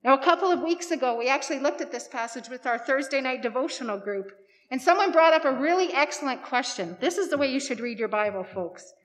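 A woman's voice: high voice, expressive, fast, a bit bright, in a large hall. A woman pastor giving a sermon in a conversational, lightly humorous way. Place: church sanctuary.

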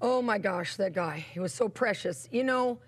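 A woman's voice: medium pitch, normal speed, a little hiss or hum. A woman hosts a ministry program, speaking with affectionate, heartfelt commentary. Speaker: ministry host.

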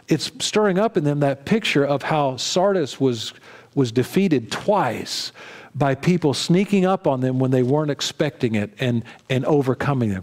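Middle-aged male pastor, mid-pitched voice, chatty sermon full of ums and restarts. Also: a little mellow. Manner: conversational preaching with frequent fillers, restarts and "right?" asides.

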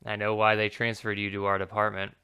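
An eager, upbeat police officer reaching out to a new colleague, as a man reads him in his own voice. His tone is friendly, and the voice is bright and smooth. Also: on the low side, completely flat delivery, a little fast.

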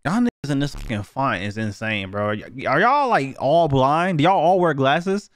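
A man's voice: mid-range voice, animated, moderate pace, no room sound, studio quality. A young man giving blunt, profane, slang-heavy reactions as he reviews viewer submissions in a casual video.

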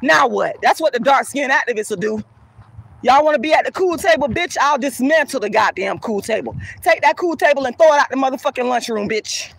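A woman's voice: high-pitched, lively intonation, fairly quick, vocal fry, slightly rough. A woman activist ranting to camera outdoors, heated, cursing and scornful. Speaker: colorism activist. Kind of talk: angry profane rant to camera.

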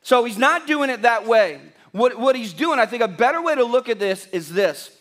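A man's voice: extremely high pitch, lively intonation, moderate pace, a bit bright. A male pastor preaching a sermon in a church, emphatic and repeating key phrases, putting questions to the congregation. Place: church sanctuary.

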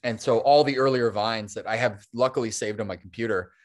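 A man's voice: on the low side, brisk. A man, a stop motion animator, chatting as a podcast guest in a casual, long-winded way and laughing often. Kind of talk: casual interview chat.

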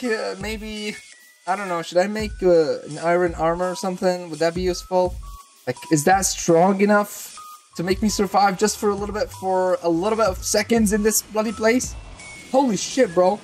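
A gamer giving gameplay commentary, excitable, swearing often and repeating words in panicked bursts. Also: medium pitch. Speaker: gamer hosting a let's-play channel.

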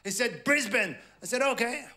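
A man from France with a French accent, performing a stand-up comedy set with a halting, self-deprecating delivery and playful acted quotes. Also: extremely high pitch, lively intonation. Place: large theatre before a live audience. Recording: stage mic over loud audience laughter.

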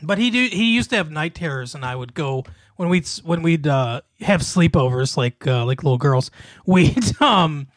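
A man's voice: a little high, animated, moderate pace, no echo, studio quality. A man co-hosting a podcast, telling stories in casual chat, laughing often and using many fillers. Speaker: podcast co-host.

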